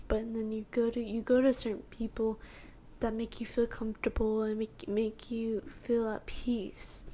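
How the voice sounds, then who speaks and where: With a warm, slightly high voice and a bit of background noise, a teenage girl from Texas, USA, hosts a podcast. She rambles through a personal testimony, acting out what she and others said.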